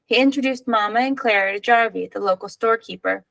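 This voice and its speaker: A woman reads a children's picture book aloud, expressive and clear, with a gravelly, creaky voice. The recording sounds dry and close. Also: a little high, quick pace, hardly any pauses, no room sound, rough recording. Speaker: reader.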